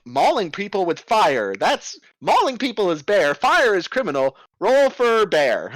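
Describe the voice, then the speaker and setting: A man's voice: high-pitched, huge pitch swings, measured pace, a bit bright, dry recording. A man running a tabletop game as game master, narrating playfully with sound effects.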